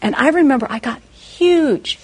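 A woman preaching a sermon, telling a personal story in an animated way and acting out the voices of the people in it. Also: moderate pace. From Texas, USA. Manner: animated storytelling, acting out quoted voices with big pitch jumps.

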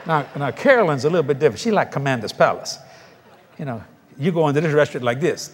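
Speaking very fast in a slightly high voice, a man tells laughing stories from the pulpit and imitates other people's voices, all with a big-room sound.

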